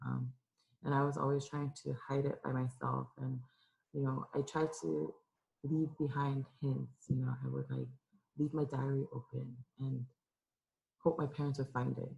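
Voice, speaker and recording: A woman's voice: a bass voice, flat delivery, moderate pace, vocal fry, mellow, lo-fi sound. A young woman from Los Angeles, a youth minister, giving a candid and emotional personal testimony, tearful at times. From Los Angeles, California. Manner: candid and emotional, with many fillers and restarts. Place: church room with an audience.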